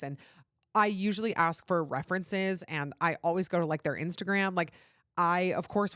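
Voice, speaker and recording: A woman hosting a podcast talks in a loose, candid ramble, her voice sitting a little low. The sound is close and dry, with no room around it. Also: no echo. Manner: candid, rambling, heavy use of "like". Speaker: podcast host. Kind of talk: casual chat.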